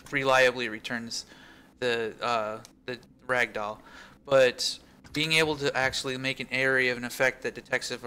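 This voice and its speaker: A man's voice: mid-range voice, pushed and bright, slight background noise. A man developing a game, chatting casually while playtesting it, thinking aloud, laughing often and trailing off with fillers. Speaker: game developer streaming his build.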